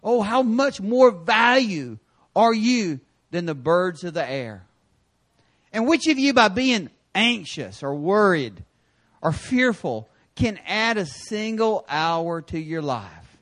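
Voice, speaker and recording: Middle-aged male pastor, unhurried sermon delivery, acts out the people in his stories. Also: high-pitched, big pitch swings. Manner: storytelling, acts out voices with bursts of shouting.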